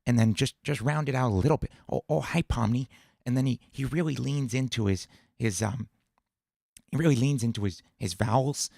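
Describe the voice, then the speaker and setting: A man hosting a livestream Q&A about singing and voice, explaining in a relaxed way with many fillers. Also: medium pitch, a little fast, gravelly, dry recording, studio quality. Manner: relaxed explaining, many fillers, breaks into sung and put-on voice demos. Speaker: music producer and livestream host.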